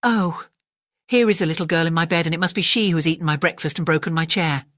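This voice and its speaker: A woman voicing a tiny, upset boy bear cub with a squeaky voice in a storybook. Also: fast talker, fairly bright tone, no echo, studio quality. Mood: upset squeak.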